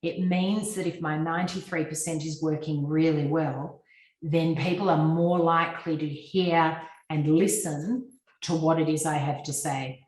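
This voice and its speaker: A woman's voice: low voice, fairly even intonation, a little slow, darkish tone, roomy sound, rough recording. An Australian woman giving a fluent, instructive business talk over a video call, with frequent ums. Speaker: guest speaker on personal branding. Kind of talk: presentation to a business audience.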